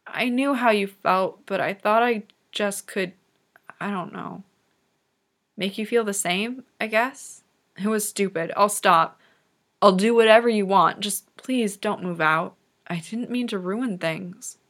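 A woman voicing a flustered, tearful young man who pleads in a shaky voice, reading slowly. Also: medium pitch, a bit bright. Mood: pleading.

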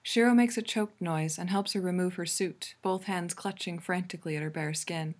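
A woman reading a fan fiction story aloud in a calm, even narrating voice. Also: on the low side, moderate pace. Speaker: reader.

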